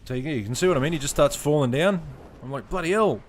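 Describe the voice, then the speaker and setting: A man streaming a game live, chatting with viewers, laughing often and reacting out loud. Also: medium pitch, quick pace. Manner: laughs often, chats to viewers while playing. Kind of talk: casual live-stream chat. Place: home room.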